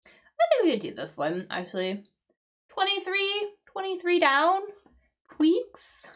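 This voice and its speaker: Woman English teacher, slow and patient, lots of "right?" checks, live-stream lesson. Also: very high voice, wildly swooping pitch, a bit bright. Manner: explains slowly with frequent "right?" checks and fillers.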